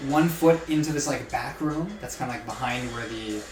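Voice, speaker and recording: A man's voice: medium pitch, moderate pace. A man running a tabletop game as game master, describing scenes in a loose, rambling way full of "like". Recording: roomy recording with music behind.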